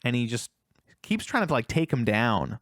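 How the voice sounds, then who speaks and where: Animated man retelling a film. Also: mid-range voice, moderate pace, no echo, clean studio sound. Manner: animated retelling, acting out characters' lines. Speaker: podcast co-host. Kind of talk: casual film review chat.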